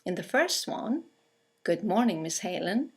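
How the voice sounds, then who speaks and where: A woman teaching English in a scripted lesson, speaking with clear, careful delivery as she reads out example phrases. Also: medium pitch, sing-song, measured pace.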